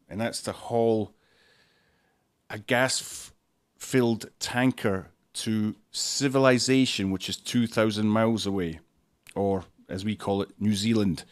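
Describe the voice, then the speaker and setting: A man, hosting a podcast and reviewing a film in a dry, sarcastic monologue full of deadpan jokes. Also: on the low side. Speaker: podcast host.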